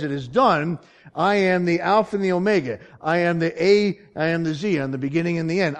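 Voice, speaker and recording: Man preaching and quizzing his congregation. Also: fairly high pitch. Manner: teaching from slides, asks the congregation questions. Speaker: pastor. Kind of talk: sermon. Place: church sanctuary.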